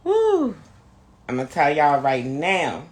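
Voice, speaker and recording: A camp, sassy host drawling through a casual live-stream chat, tired and low on energy. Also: male voice, slow, bright, forceful tone.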